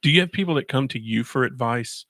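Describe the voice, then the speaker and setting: A man's voice: mid-range voice, animated, fast, fairly bright tone, dry recording, studio quality. A man hosting a radio talk show, joking and telling stories with acted-out voices. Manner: jokey storyteller, acts out voices. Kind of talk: casual chat. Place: radio studio.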